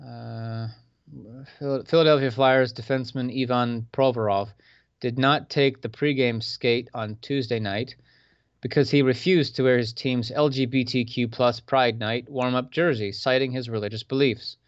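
A man's voice: medium pitch, fairly even intonation, moderate pace, dry recording. A man hosting a radio show, giving casual religious commentary in a preachy, conversational way with sarcastic asides. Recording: dull lo-fi sound.

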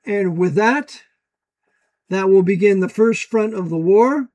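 A high-pitched American man delivering a preachy monologue. He talks emphatically and swings into loud bursts, then reads passages aloud from a book. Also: a little slow. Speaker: commentator.

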